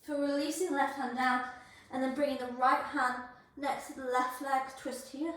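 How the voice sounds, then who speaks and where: High-voiced woman teaching yoga, out of breath, encouraging, lots of room echo, mic kinda far. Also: flat delivery, normal speed, a bit bright. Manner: encouraging, cueing poses and breaths. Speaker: yoga instructor. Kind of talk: guided yoga class instruction.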